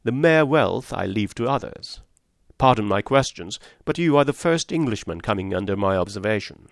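A man voicing an eccentric old male doctor who speaks in a calm, sententious, imperturbable way. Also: on the low side, moderate pace, gravelly, dry recording, clean studio sound. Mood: calm probing.

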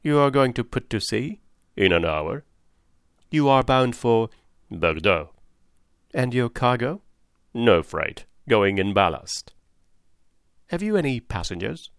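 A man reading an audiobook voices a gruff, stubborn middle-aged sea captain who answers in short blunt refusals with a growling voice. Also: medium pitch, big pitch swings, slow pace, long pauses, dry recording, clean studio sound. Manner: clipped, blunt one-word refusals. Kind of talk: audiobook character voice.

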